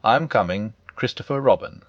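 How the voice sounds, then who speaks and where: A man voicing a tiny, excitable young male kangaroo who squeaks out his words. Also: normal speed, dry recording, muffled recording, lightly acted. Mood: excited.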